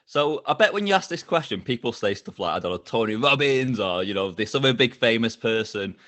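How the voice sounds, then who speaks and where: A middle-aged man, a podcast guest telling stories with lively energy and frequent laughs. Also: mid-range voice, fairly quick, no echo. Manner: energetic, animated, laughs often. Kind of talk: casual storytelling interview.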